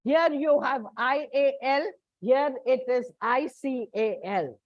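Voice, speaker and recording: A woman's voice: high voice, takes it slowly, no echo, highs cut off. A woman teacher with an Indian English accent giving an exam coaching lecture, explaining patiently and calling her students children.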